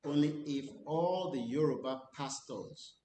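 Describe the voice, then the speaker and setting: A Nigerian man speaking as an activist commentator, switching between English and Yoruba. He talks earnestly and deliberately, pressing on key phrases. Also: warm tone. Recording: roomy recording with faint rumble.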